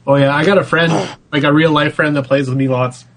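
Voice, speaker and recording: A man's voice: on the high side, steady tone, brisk, a bit bright. A man on a casual gaming podcast, joking around with crude banter. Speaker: podcast co-host.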